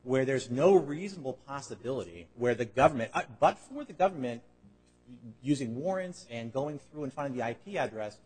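A man arguing as defense attorney before judges, deferential and quick to answer the bench. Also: mid-range voice, expressive, darkish tone, husky, low-quality recording. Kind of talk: courtroom oral argument. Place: courtroom.

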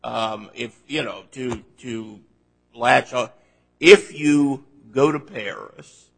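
A man's voice: mid-range voice, takes it slowly, creaky, husky, long reverb tail, rough recording. A man presiding as an appellate judge, pressing counsel with pointed, probing questions during oral argument in a large courtroom.

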